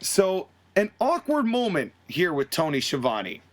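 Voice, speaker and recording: With a high voice whose pitch swoops wildly, this man speaks unhurriedly and with a fairly bright tone. As a podcast host, he gives an animated, casual recap of a fantasy wrestling storyline, imitating the characters in shifting voices.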